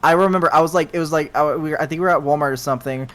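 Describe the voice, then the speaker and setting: A man co-hosting a casual gaming podcast, talking in halting bursts full of fillers and restarts. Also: a little high, fairly bright tone. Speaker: podcast co-host.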